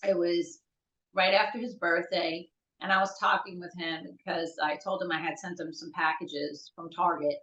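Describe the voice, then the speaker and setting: A middle-aged woman, a bereaved mother, telling her son's story as a podcast guest, halting and searching for words, tearful at times. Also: fairly low pitch, fairly bright tone, roomy sound, muffled recording. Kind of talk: emotional personal storytelling.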